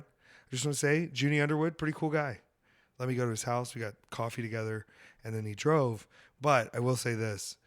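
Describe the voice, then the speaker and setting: Excitable rambling male podcast host. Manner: rambling, excitable, swings into loud high outbursts. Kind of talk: casual comedic chat.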